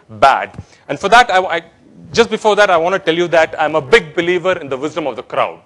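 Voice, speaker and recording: A man giving a playful, interactive conference talk, telling jokes and engaging the audience. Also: fairly high pitch. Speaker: conference speaker. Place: conference hall.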